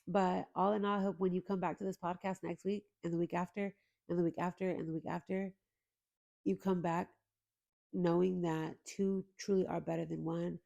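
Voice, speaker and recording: A woman's voice: on the low side, gravelly, mellow. A young adult woman hosting a faith podcast, talking in an earnest, emotional way straight to her listeners. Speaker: podcast host. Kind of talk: heartfelt faith podcast intro.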